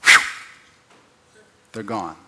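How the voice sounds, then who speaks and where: A man preaching an expository sermon, who asks the listeners rhetorical questions and swings from loud emphatic peaks to quiet, low drops. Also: extremely slow. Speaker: pastor.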